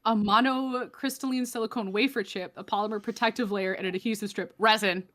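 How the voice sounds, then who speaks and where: On a laid-back comedy podcast, a young woman co-host trades sarcasm and swear words, often laughing in the middle of sentences. She talks briskly with fairly even intonation in a voice on the high side.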